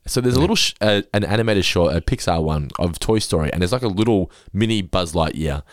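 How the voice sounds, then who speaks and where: A man with a deep, low voice, chatting casually as a podcast host. His pitch swings widely as he talks, and he laughs easily, breaking into animated impressions. The sound is close and dry, with no room in it. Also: fast talker, no room sound. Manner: giggly, jumps into animated impressions when quoting. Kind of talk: casual recap chat.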